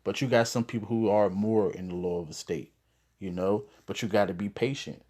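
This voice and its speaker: A man's voice: on the low side, brisk, darkish tone. A man reads Bible verses aloud and explains them in a loose, conversational way, with mild swearing and plenty of fillers. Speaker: Bible teacher. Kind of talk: casual scripture teaching.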